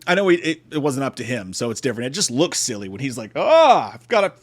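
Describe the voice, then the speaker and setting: A man's voice: medium pitch, lively intonation, fast talker. A man giving a casual comedic film review, sarcastic and profane, who often slips into mocking impressions. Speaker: movie review host.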